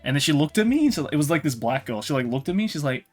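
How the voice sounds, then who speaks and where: A man's voice: fairly high pitch, big pitch swings, racing, faint music behind. A man with an Australian accent, hosting a casual chat stream and joking as he tells stories. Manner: joking storyteller, swears casually. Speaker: streamer host. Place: Tokyo home studio.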